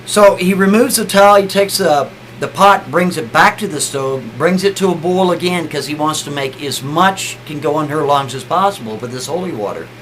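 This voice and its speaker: Guy rambling thru a story, keeps saying i mean and right, voice a bit high. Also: normal speed, hardly any pauses, a bit bright, a little hiss or hum, poor audio. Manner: rambling, repeats "I mean" and "right?", stumbles over words. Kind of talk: casual spoken storytelling.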